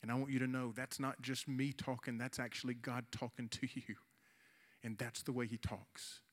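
A man in his forties, a youth pastor, preaching an earnest sermon with an altar call, slowing down for emphasis and pleading with the room. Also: medium pitch, level tone.

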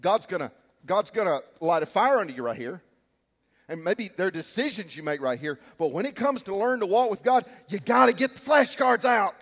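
A man preaching a sermon as a pastor, telling stories and acting out shouts and quotes with lively energy. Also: sits high, fairly quick, slightly rough, big-room sound. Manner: animated, storytelling, acts out shouts and quotes. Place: church sanctuary.

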